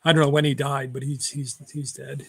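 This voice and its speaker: A man's voice: medium pitch, flat delivery, brisk, gravelly, a bit bright, husky. A man co-hosting a casual film chat show, rambling through trivia with many fillers and self-corrections. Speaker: podcast co-host.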